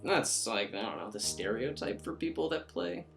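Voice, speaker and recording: A young man giving casual, profane, rambling commentary on a visual novel playthrough, tossing in quick character voices. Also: mid-range voice, sing-song, gravelly, music in the background. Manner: rambling, profane, self-mocking, mimics characters in quick asides. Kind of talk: casual let's-play commentary.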